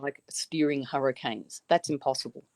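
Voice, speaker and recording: Aussie woman, low voice, relaxed easygoing chat, dry close sound. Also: moderate pace, dry recording. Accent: Australian. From Australia. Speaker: podcast guest, weather show creator. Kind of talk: casual chat.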